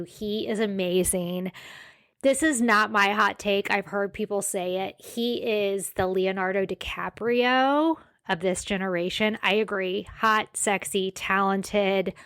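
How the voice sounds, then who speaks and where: Forties woman hosting her own show solo, loose chatty delivery, wanders into side notes and pokes fun at herself. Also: mid-range voice. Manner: chatty, self-deprecating, rambling asides. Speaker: podcast host. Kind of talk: casual solo podcast chat.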